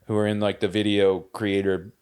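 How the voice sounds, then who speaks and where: A man's voice: fairly low pitch, little pitch movement, moderate pace, darkish tone, smooth. A man co-hosting a podcast, chatting casually, rambling through a story with lots of swearing and laughter. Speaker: podcast co-host. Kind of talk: casual chat.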